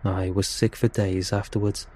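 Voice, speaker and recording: A man narrating a horror story for a podcast in a slow, hushed and tense way. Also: deep voice, little pitch movement.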